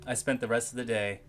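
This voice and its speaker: A man's voice: mid-range voice, very noisy. Giggly man reading a game aloud. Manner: giggly, excitable, laughs often. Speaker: gamer reading a visual novel aloud. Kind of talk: reading game text aloud with chatty asides.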